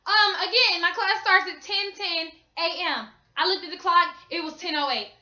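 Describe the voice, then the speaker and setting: A woman's voice: extremely high pitch, moderate pace, bright, forceful tone. A young woman from the United States telling a casual storytime on her vlog, chatty and slangy. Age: young adult. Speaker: vlogger. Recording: echoey room, slightly dull sound.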